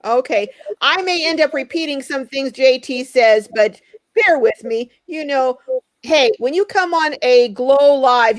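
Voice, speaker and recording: A chatty woman with a high voice hosts a live stream, reading viewer comments aloud and greeting each person by name. Her voice sounds dry and close, with little room echo.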